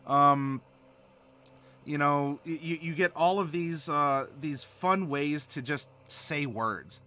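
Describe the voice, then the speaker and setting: A man with a slight Southern American accent, hosting a casual chat in a playful, animated way with frequent laughter. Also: fairly high pitch, moderate pace. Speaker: host.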